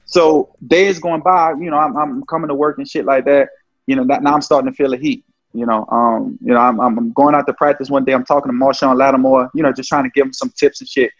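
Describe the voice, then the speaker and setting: A man from New Orleans, a pro football player, telling stories in a casual interview, profane and animated, acting out quoted exchanges. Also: medium pitch, fast talker, no echo. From New Orleans, USA. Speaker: guest, pro football cornerback. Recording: dry, dull lo-fi sound.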